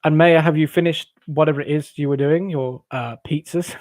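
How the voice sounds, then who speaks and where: A man's voice: fairly high pitch, fairly even intonation, moderate pace, darkish tone, no echo. Jovial English man chatting with viewers. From England. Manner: jovial, rambling, laughs often. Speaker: livestream host. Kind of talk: casual chat with live chat readers.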